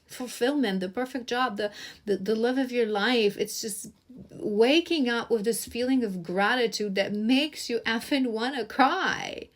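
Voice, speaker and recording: A woman doing a tarot reading to camera, effusive and earnest, often restarting her phrases and repeating herself. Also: a little high. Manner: earnest, emotionally stirred. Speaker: tarot reader.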